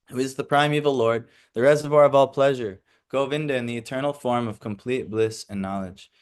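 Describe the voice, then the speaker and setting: A man's voice: medium pitch, smooth. A man leading a scripture class, reading passages aloud and explaining them in a casual way, hesitant over Sanskrit recitation. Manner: reads steadily, then slips into casual asides with fillers.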